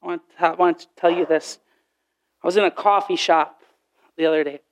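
A male preacher with a high voice gives an animated sermon. He tells stories with plenty of energy and slips into acted voices for the people in them. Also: brisk. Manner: animated storytelling, acts out voices in quotes.

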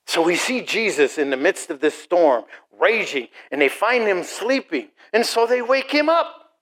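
Animated preacher man, lively pitch. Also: measured pace, poor audio. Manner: animated, acts out mocking voices and asides to the congregation. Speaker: pastor. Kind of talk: sermon.

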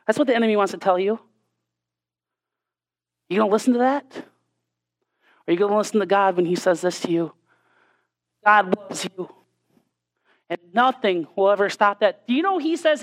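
A woman's voice: mid-range voice, expressive, normal speed, pauses often. A woman preaching a sermon in an earnest manner, often repeating rhetorical questions to her listeners.

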